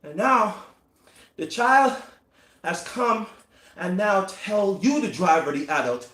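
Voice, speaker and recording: A man coaching in a live-streamed motivational talk, emphatic and repetitive, with dramatic pauses, riding an exercise bike. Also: sits high, lively intonation, a bit bright. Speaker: performance coach. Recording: roomy echo.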